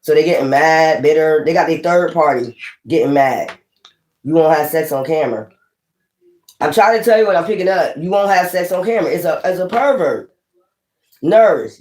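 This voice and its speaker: A woman's voice: on the low side, darkish tone, a little hiss or hum. A woman giving a casual tarot reading to camera, speaking bluntly with profanity and calling out card words one at a time. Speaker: tarot reader. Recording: echoey room.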